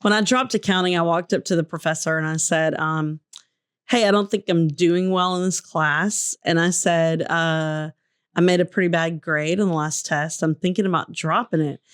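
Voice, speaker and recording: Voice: mid-range voice, steady tone, moderate pace, fairly bright tone, clean tone, no echo. A podcast co-host telling a college anecdote in a playful, dry way. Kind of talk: casual chat.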